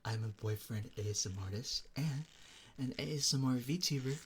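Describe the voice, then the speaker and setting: A man's voice: mid-range voice, normal speed, husky. A man streaming as an ASMR VTuber, chatting casually and greeting viewers by name, with lots of filler words. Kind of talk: casual live-stream chat.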